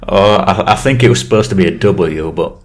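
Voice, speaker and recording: Male podcast co-host, low-ish voice, rambling and crude, laughs often. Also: fairly quick, a little hiss or hum. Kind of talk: casual chat.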